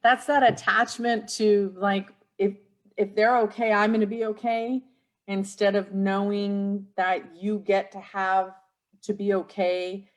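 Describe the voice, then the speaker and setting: On a live stream, a middle-aged woman talks casually and reflectively in a mid-range, flat, unhurried voice. She searches for words and often restarts her sentences.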